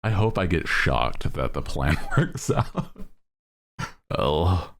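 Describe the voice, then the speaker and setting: Very deep, gravelly male streamer. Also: big pitch swings, slow, fairly bright tone. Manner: laughs often, rambling and playful. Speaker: game streamer. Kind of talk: casual livestream chat.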